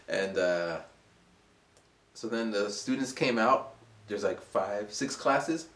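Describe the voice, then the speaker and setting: A man's voice: takes it slowly, long pauses. A man around forty, an English teacher, casually telling a rambling story for his vlog. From United States. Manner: animated, rambling, acts out voices in a high pitch. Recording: roomy echo.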